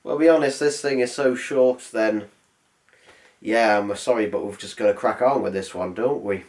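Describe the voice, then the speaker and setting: A man's voice: lowish voice, normal speed, darkish tone. A man voicing a sarcastic, rambling film review. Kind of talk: comedic film review voice-over.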